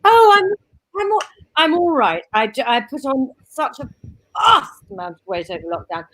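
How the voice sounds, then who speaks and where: A woman in an improv comedy stream with a high voice that swings widely. She tells the story with emphatic animation and chats frankly in between. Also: big pitch swings, moderate pace, a bit bright, dry recording, poor audio.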